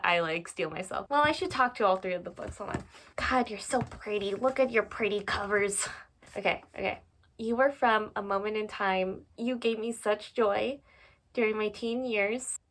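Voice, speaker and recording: A woman's voice: on the high side, a bit bright. A woman in her twenties talking casually to her phone camera by her bookshelves, chatty and self-mocking, laughing often. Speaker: booktuber. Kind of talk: casual vlog monologue.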